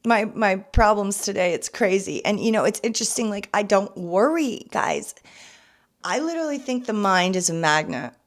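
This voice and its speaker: A young woman hosting a podcast gives a casual personal testimony, talking candidly and earnestly about her past in a medium-pitched, expressive voice at a moderate pace. Her confessional tone swings between soft and emphatic, and at times she is emotional, close to tears.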